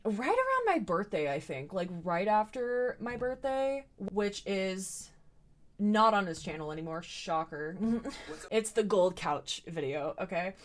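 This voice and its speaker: A woman's voice: mid-range voice, very animated, a little slow. A young adult woman hosting a commentary video, recapping online drama in a blunt, opinionated way and swearing freely.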